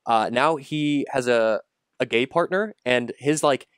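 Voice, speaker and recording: A man's voice: mid-range voice, a little slow, smooth, no echo. Guy hosting a gaming podcast, rambly, lots of uh and like, dry close sound. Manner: rambling, lots of fillers and restarts. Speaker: podcast host. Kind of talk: casual gaming chat.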